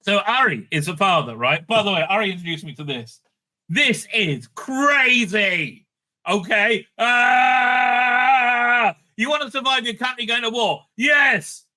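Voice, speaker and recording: A middle-aged man with a high, sharp, piercing voice, talking in rambling, casual commentary. He swears freely, stops and restarts his sentences, and jumps between outrage and jokes in an animated rant. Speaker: rabbi and online commentator.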